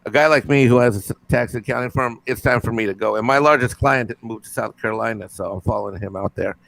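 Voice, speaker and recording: A middle-aged man co-hosting a livestream, reading viewer comments with rambling jokes and quick asides. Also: medium pitch, gravelly, a bit bright, poor audio. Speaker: livestream co-host.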